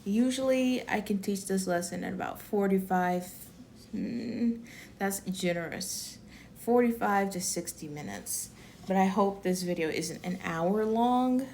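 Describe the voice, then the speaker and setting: A woman's voice: medium pitch, a little slow, gravelly, a little mellow, slight background noise. A woman giving a casual online language lesson, chatty and rambling, often correcting herself and laughing. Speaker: Korean language teacher.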